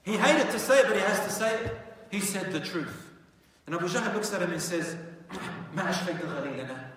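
A man telling a dramatic story as a sermon, going from hushed lines to loud, animated ones. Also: sits high, fast talker, distant mic, background noise. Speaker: preacher. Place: mosque prayer hall. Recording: echoey hall, mic from afar.

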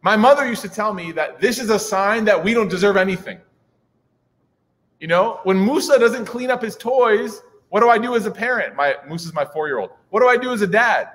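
Preacher guy in his 30s, kinda high voice, super chatty and jokey, echoey hall. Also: animated, brisk, fairly bright tone. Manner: chatty, joking asides, many likes and you knows. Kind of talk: humorous religious talk to an audience. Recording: reverberant hall.

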